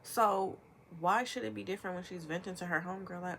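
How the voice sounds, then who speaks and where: A woman's voice: lowish voice, vocal fry, slight background noise. Emphatic young woman ranting on camera. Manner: emphatic, rapid-fire, animated with imitated quotes. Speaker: vlogger. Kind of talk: ranting commentary.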